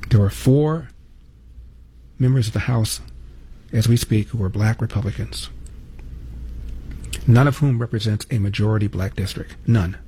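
A man's voice: on the low side, moderate pace, long pauses, dark tone, breathy edge. A man hosting a political commentary monologue, with pointed rhetorical questions. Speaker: commentary host.

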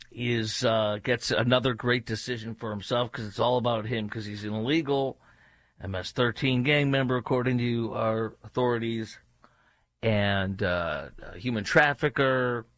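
A man's voice: mid-range voice, a bit bright, no echo. A man guest-hosting a political talk radio show, speaking in a sarcastic, mocking way.

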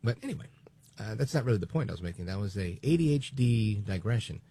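A man in his late forties hosting a political talk radio show, chatty and digressive, with lively bursts of emphasis. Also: on the low side, quick pace, breathy edge. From New Jersey, USA.

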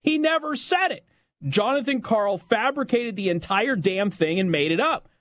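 A man's voice: high voice, moderate pace, dry recording. A man hosting a talk radio show, delivering an opinionated, mocking monologue on a close studio mic. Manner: sarcastic, mocking, animated.

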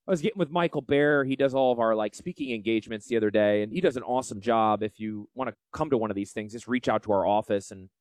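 A man with a Yankee accent hosting a financial show, brash and salesy in a folksy promotional pitch. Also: fast talker, hardly any pauses, a little mellow, dry recording. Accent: Northeastern US. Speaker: financial advisor and show host. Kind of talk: promotional radio talk.

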